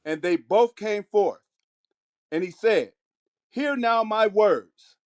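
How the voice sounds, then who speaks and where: Man, high-pitched, measured scripture reader. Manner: measured, slows on key phrases. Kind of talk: reading scripture aloud.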